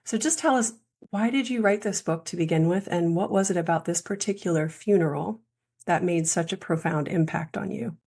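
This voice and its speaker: Woman, podcast host, lower voice, earnest, measured questions. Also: creaky, darkish tone, slightly rough. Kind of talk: interview hosting.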